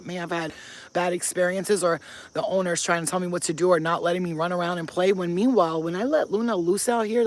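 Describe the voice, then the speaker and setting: On a low-quality recording, a woman with a lowish voice talks to camera from a yard. She's a spiritual healer who chats with her viewers casually and emphatically, swearing without restraint.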